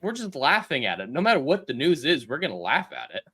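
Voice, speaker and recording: A man's voice: a little high, very animated, fast, sharp tone, slightly rough. A man co-hosting a casual commentary podcast, talking in a dry, mocking way. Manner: dry, mocking, reads the chat aloud. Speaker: podcast co-host.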